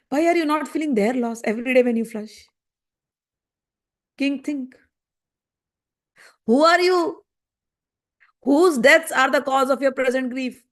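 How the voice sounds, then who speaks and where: A woman explaining a spiritual text, pressing her listener with repeated rhetorical questions. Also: sits high. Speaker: scripture teacher. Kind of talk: spoken commentary on a spiritual text.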